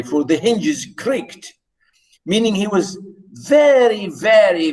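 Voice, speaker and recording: Male teacher, slow unhurried delivery, hesitant lecture style with dramatic read-aloud passages. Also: on the high side, poor audio. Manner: hesitant, full of fillers, reads passages aloud with emphasis. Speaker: literature teacher. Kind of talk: classroom lecture on a short story.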